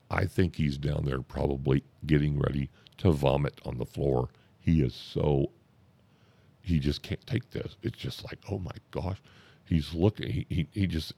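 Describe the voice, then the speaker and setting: A man spins a comic anecdote in a slow, drawn-out, deadpan way, stopping now and then to correct himself. His voice sits extremely low with a gravelly rasp. The tone is dark and husky. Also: no echo. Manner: drawn-out, deadpan delivery with self-interruptions. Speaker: comic storyteller.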